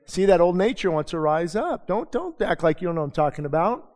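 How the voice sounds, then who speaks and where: An animated male pastor preaches casually, asking rhetorical questions and dropping quick asides. His voice is somewhat high for a man yet darkish in tone, ringing with the long reverb of a church sanctuary.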